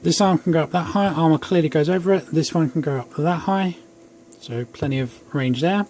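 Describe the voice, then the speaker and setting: At home, a young man gives a casual, rambling review of an action figure, sprinkled with jokes at his own expense. His voice is on the high side and a little mellow, and he talks fairly quickly against faint background noise.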